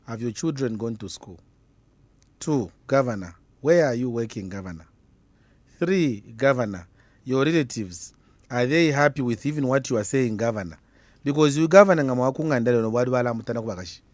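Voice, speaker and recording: A man's voice: mid-range voice, lively intonation, normal speed, pauses often, no echo. A man with a Zambian accent, an opposition politician arguing hard as a guest in a radio debate, hammering his points with repeated questions. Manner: combative, repeats questions for emphasis.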